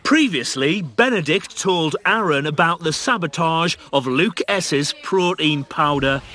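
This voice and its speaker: A man reads scripted reality-show narration at an unhurried pace. His voice is crisp and bright and sits a little high. Soft music plays beneath him. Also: lively intonation.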